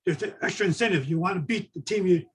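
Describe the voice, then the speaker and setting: A man's voice: high voice, fast talker, a bit bright, rough recording. An older man, a former coach, tells a coaching story in a conversation and keeps checking in with "okay". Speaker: former assistant coach, guest.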